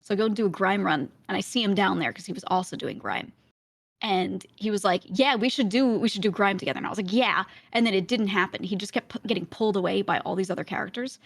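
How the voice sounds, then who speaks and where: A woman's voice: medium pitch, gravelly, dry recording. A woman guest on a podcast, telling a long story in casual chat with frequent laughs. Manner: chatty storyteller, quick laughs.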